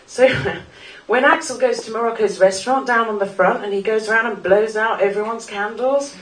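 A woman's voice: mid-range voice, distant mic. A woman in her forties gives an earnest personal talk with a wry, self-mocking humour. Her voice carries through an echoey room from a mic some way off, with a faint hiss behind. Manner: wry, earnest, laughs at her own jokes. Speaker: speaker at a live talk event. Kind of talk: personal talk to a live audience. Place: small club venue in front of an audience.

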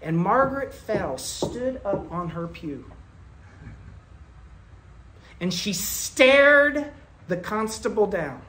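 A man delivering a Quaker sermon in a storytelling manner, moving between loud bursts and soft, low asides. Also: animated, slow pace, pauses often. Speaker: speaker at a Quaker meeting.

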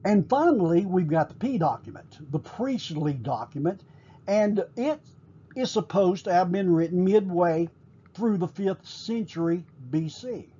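A man teaching a recorded class, explaining at a measured pace with frequent pauses and fillers. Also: sits high, expressive, mellow, husky, dull audio.

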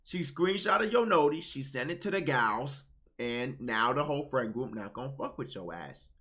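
A man streaming casual reaction commentary, blunt, swinging between low muttering and loud outbursts. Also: animated, moderate pace.

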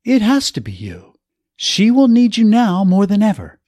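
A man voicing a wise older woman who urges and pleads firmly, with raised pitch. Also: huge pitch swings, normal speed, warm tone, no echo, studio quality, full character voice. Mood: imploring.

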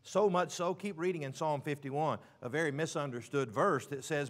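A man preaching a sermon, stressing words slowly and dropping suddenly to a hush. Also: on the high side. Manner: emphatic, with slow drawn-out stresses and sudden quiet drops.

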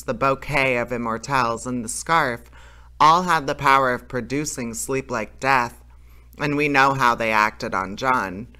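A man's voice: medium pitch, sharp tone, clean tone. A man reading a fairy tale aloud as a storyteller, plain and unpolished, with small slips and self-corrections.

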